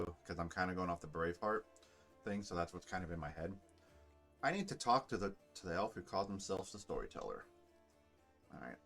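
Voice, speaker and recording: A man's voice: low voice, fairly bright tone. A man casually commenting on and reading aloud from a game, rambling with fillers and self-corrections. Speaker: gamer playing and narrating.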